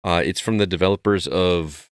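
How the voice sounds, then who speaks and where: A man with a very deep voice steers loose podcast chat in an easygoing way. The audio is dry and close. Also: normal speed, clear, resonant tone, dry recording. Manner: easygoing, leads the talk. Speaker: podcast co-host. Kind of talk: casual chat.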